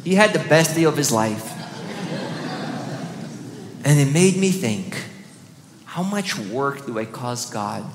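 A male pastor telling a personal story in a sermon, animated and acting out his own lines in a higher voice. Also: slow pace, long pauses, roomy sound, big-room sound, noisy background.

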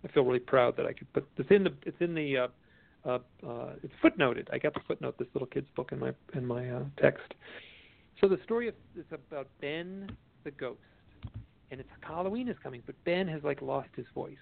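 A man, a guest author, telling stories in a casual interview, animated and often restarting his sentences, heard over a phone line. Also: mid-range voice, a little fast, gravelly. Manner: animated storyteller, restarts a lot. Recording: tinny dry phone line.

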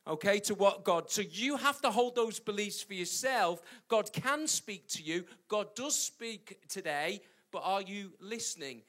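A man's voice: high-pitched, a bit bright. A British man preaching a sermon, emphatic and repeating his key points, with jokey asides. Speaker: pastor.

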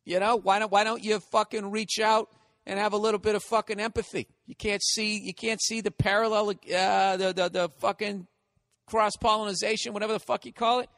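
A man's voice: high voice, steady tone, a little fast, a bit bright, in a large hall. A man hosting a solo comedy podcast, talking in a rambling, profane, ranting way.

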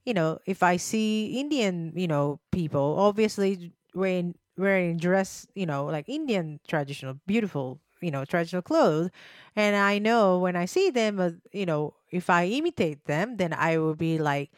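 A woman's voice: on the low side, moderate pace, dry recording. Chatty woman with a thick Japanese accent. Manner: chatty, lots of fillers, animated mimicking. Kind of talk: casual chat.

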